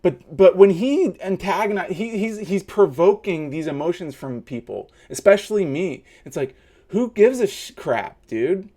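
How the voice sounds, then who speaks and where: A man's voice: high voice, animated, a little slow, dark tone. A man in his thirties hosting a reaction video, ranting in a heated, mocking way. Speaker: host. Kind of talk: reaction commentary.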